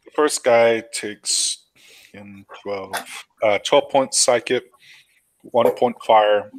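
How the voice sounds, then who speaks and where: A man's voice: mid-range voice, slow pace, low-quality recording. A man playing in a tabletop game, hesitantly reading out his damage numbers with fillers. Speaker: player. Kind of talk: casual tabletop game chat.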